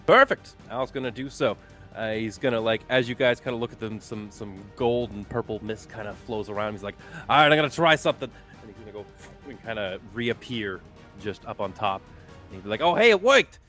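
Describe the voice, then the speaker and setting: A man's voice: on the low side, steady tone, a little fast, fairly bright tone, soft background music. A man playing a tabletop game, chatty and thinking aloud. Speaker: player. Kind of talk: casual tabletop play.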